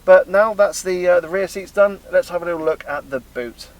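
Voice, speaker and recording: A man's voice: high-pitched, moderate pace. A man, chatting through a car review, explaining the car as he sits in it and drives. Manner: chatty, explanatory, talks while driving. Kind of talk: casual car review talk. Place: inside a car, partly on the road. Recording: loud road and engine noise.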